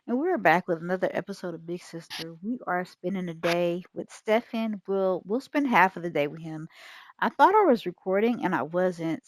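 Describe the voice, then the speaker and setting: A woman's voice: fairly low pitch, no room sound. Chatty woman narrating a life-sim game. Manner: chatty, retelling the game's events. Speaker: gaming YouTuber. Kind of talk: casual gameplay commentary.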